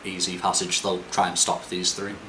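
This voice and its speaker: A man's voice: low-pitched, level tone, normal speed. A man narrating a tabletop game as game master, describing scenes and correcting himself as he reads. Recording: echoey room, background noise.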